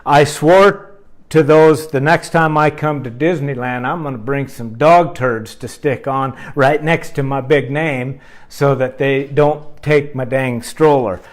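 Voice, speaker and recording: A man telling a rambling, animated story to his camera in a casual vlog. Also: medium pitch, a little slow. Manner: animated, rambling, with fillers and asides.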